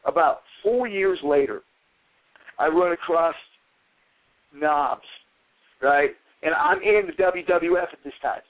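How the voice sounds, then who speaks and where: Animated man telling a fight story. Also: on the high side, slow, pauses often, no echo, poor audio. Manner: swears, acts out quoted voices. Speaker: guest fighter. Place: radio studio.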